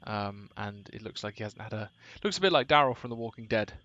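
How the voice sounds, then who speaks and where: A man narrating as game master, hesitant and full of pauses and restarts. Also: fairly low pitch, expressive, fairly bright tone, lo-fi sound. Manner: hesitant, many ums and restarts.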